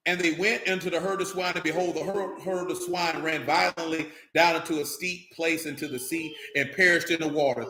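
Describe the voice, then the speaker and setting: High, bright-voiced preacher, man. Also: fairly even intonation, brisk, hardly any pauses, reverberant. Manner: loose, conversational, street-slang asides to the congregation. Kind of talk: informal sermon with Bible reading.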